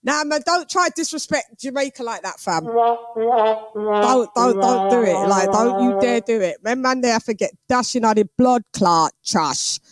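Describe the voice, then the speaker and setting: A woman hosting a boxing livestream, chatting casually with patois slang and lively banter. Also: a little high, unhurried, soft background music.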